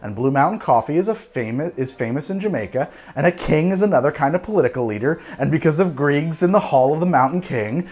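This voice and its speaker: A man in the middle of the pitch range hosts a cocktail show, his voice rising and dipping with lively movement. He rambles through tasting notes in a casual, self-mocking way, restarting sentences as he thinks. Faint music runs underneath. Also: brisk.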